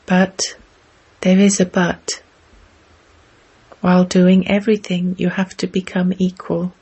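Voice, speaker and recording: Slow, low-key woman giving a spiritual talk. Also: completely flat delivery, mellow, slightly rough. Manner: measured, exhorting with rhetorical questions. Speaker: spiritual teacher. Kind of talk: slow spiritual discourse reading.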